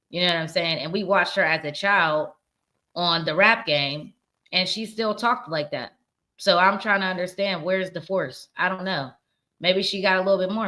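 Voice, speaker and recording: A woman hosting a casual pop culture show, speaking with a slightly low pitch and a bright, forceful tone. She talks candidly and curses freely, and her accent mixes Virginia with the northern US. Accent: mixed Virginia and northern US. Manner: candid, opinionated, cursing freely. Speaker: podcast host.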